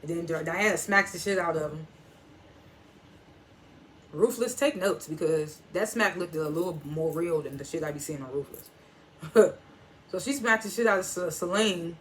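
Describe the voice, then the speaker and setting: A woman's voice: fairly low pitch, moderate pace, pauses often, slight background noise. A woman giving a casual, blunt TV episode recap, laughing often and adding loose asides. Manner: laughs often while retelling scenes; blunt and profane. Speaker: TV episode reviewer.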